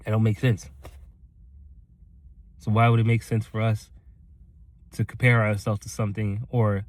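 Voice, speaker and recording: A man's voice: fairly low pitch, flat delivery, normal speed. A man giving a rambling, earnest motivational talk to his viewers, acting out other people's voices as he tells a story. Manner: rambling, earnest, addresses "ladies and gentlemen"; acts out quoted voices in his stories. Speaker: motivational vlogger.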